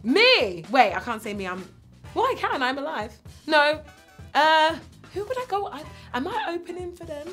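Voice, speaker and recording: A British woman in her thirties, a comedian answering quick-fire interview questions in a brash, boastful, self-mocking way. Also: high voice, sing-song, a bit bright, faint music behind. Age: 30s.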